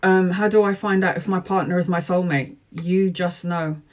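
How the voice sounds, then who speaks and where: A woman's voice: lowish voice, fairly even intonation, moderate pace, a little mellow, lo-fi sound. Earnest woman preaching self-love. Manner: earnest, emphatic, motivational, with repeated slogans. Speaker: tarot reader. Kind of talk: live social-media talk answering viewer questions.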